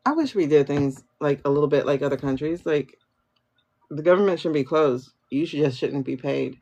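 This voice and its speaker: A woman's voice: low voice, lively intonation, normal speed, dark tone. Chatty woman doing a livestream reading. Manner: muses aloud, asks herself questions and answers them; chatty, thanks viewers by name. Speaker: tarot and pendulum reader, livestream host. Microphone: phone livestream.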